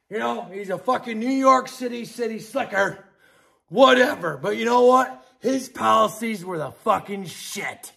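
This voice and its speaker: A middle-aged man hosting a podcast, ranting angrily and profanely about politics, dropping from low mutters to outbursts while drinking beer. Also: vocal fry. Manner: angry, profane, swings between muttering and shouting. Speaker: podcast host.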